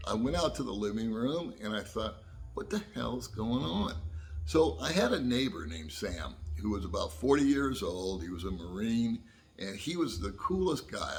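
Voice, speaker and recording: A man's voice: fairly low pitch, very animated. An older American man vlogging, telling a personal story in a folksy, casual way and laughing at himself. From United States. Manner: folksy, laughs at himself, slow drawn-out asides.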